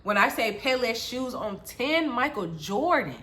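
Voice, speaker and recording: A woman vlogger telling her childhood story in casual chat, animated, laughing often and calling her viewers y'all. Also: on the high side, a little slow.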